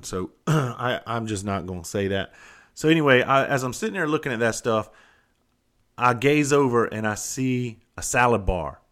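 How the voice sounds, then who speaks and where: A man in his forties with a Southern US accent, telling a rambling, profane story in a casual monologue. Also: low-pitched. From Southern United States. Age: 40s. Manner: profane, animated, rambling and self-interrupting. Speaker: vlogger.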